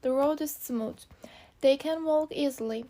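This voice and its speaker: A woman's voice: high-pitched, a little slow, warm tone. A woman reading a simple storybook aloud for English learners, in short, careful sentences. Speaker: narrator. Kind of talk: graded reader narration for learners.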